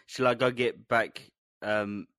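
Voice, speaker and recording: A man's voice: mid-range voice, steady tone, slow, fairly bright tone, dry recording, clean studio sound. A man co-hosting a podcast, chatting casually over a video call, joking and laughing a lot. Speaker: podcast co-host.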